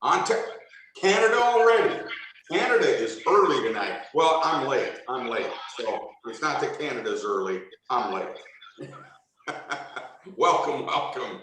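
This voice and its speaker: Lively man hosting a video call roll call. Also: mid-range voice, unhurried, very echoey, recorded from a distance, a little hiss or hum, low-quality recording. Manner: enthusiastic, jokey, repeats greetings. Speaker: host of a video call meeting. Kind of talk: upbeat welcome roll call.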